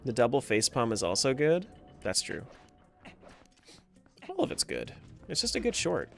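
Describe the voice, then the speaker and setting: Animated man streaming a game. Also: medium pitch, moderate pace, vocal fry, soft background music. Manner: talks to himself and to chat as he plays, laughs often. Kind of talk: casual live-stream chat while playing.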